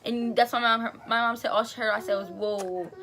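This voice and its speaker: A woman's voice: on the high side, flat delivery, fast, background noise. A young woman telling a casual story as a vlogger, chatty with lots of fillers.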